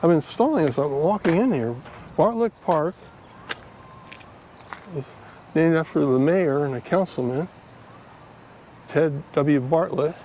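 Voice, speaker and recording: A finance vlogger walks through a park filming himself on a handheld phone, speaking at a measured pace with long pauses in a warm, slightly high voice. He's chatty and rambling, using many fillers, with slight background noise.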